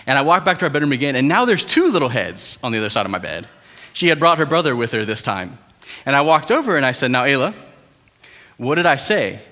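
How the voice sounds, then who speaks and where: A young man preaching a sermon as pastor, telling family stories in a conversational, animated way with asides to the congregation. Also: mid-range voice. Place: large church auditorium. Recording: hall reverb.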